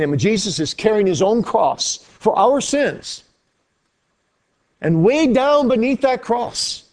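A man with a notably high voice preaching a sermon. He speaks earnestly as a pastor, swinging from raised, quick passages down to low, slow, hushed ones. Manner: earnest preaching with wide swings in pitch and loudness.

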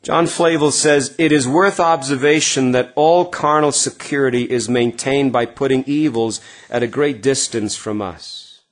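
A middle-aged male pastor preaching earnestly, swinging from emphatic lines to hushed, quiet passages. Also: mid-range voice, measured pace, hardly any pauses. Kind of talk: sermon.

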